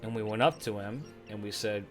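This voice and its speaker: A man's voice: fairly low pitch, fairly quick, soft background music. A man telling a story on a live stream, swearing, laughing and restarting his sentences. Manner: profane, laughing, rambling with restarts.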